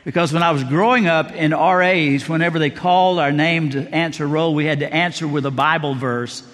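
Male pastor, middle-aged, sermon storytelling, fairly high voice, long hall reverb. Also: fairly even intonation, fairly quick, a bit bright. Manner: storytelling, acts out quoted dialogue.

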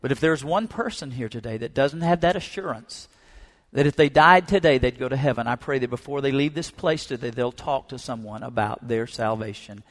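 A middle-aged pastor preaching a sermon, telling stories with fervor. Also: male voice, mid-range voice, fairly quick. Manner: storytelling, fervent preacher. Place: church sanctuary.

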